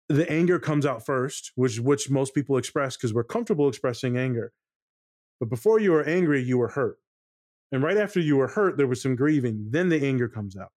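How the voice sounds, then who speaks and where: A man's voice: mid-range voice, lively intonation, moderate pace, darkish tone, dry recording, studio quality. A man, a therapist, chatting casually on a podcast, laid-back and swearing, explaining with acted-out examples.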